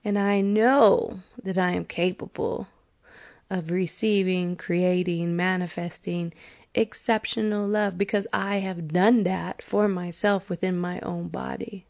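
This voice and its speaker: A woman's voice: fairly low pitch, steady tone, vocal fry, a little mellow. A woman in her forties hosting a podcast, speaking in an earnest, candid confessional monologue that is frank and sometimes profane, with bursts of laughter. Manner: earnest, candid, slow and deliberate. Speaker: podcast host.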